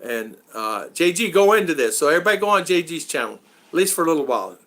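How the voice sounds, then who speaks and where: A man hosting a relaxed live stream chat, his voice bright and somewhat high for a man. He rambles, drops in frequent fillers and chuckles as he talks to viewers. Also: fast talker.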